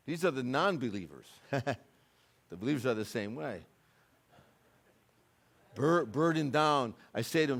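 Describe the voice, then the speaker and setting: An American man preaching a sermon in a church, moving between quiet conversational asides and loud, urgent climaxes. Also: animated, measured pace, vocal fry, pauses often. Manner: impassioned, rising to loud urgent peaks then dropping low and conversational. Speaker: guest preacher. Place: church sanctuary.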